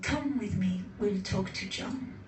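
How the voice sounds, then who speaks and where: A woman's voice: medium pitch, unhurried. Curious woman on a museum tour. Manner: curious, asks follow-up questions. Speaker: presenter on a museum visit. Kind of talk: casual guided-tour chat. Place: museum indoors. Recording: echoey room from far off, background noise.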